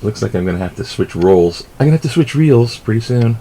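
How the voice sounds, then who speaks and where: A man's voice: medium pitch, animated, fast talker, mellow, slight background noise, poor audio. A middle-aged man giving rambling, casual news commentary, self-amused and swearing offhandedly. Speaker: vlogger reading the news.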